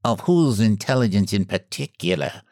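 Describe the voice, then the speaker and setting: A haughty talking cat, cool and utterly unbothered, as a male reader puts him on. He speaks in an even, deadpan tone with cold precision. The sound is dry and close. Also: medium pitch, normal speed, no room sound, voice pushed up, close to an everyday voice. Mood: cool, indifferent. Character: cool aloof talking tomcat, coldly indifferent.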